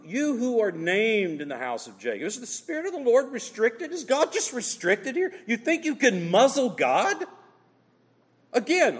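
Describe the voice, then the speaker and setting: A man's voice: sits high, fairly bright tone, husky, big-room sound. A man preaching a sermon as pastor, emphatic and quoting scripture dramatically.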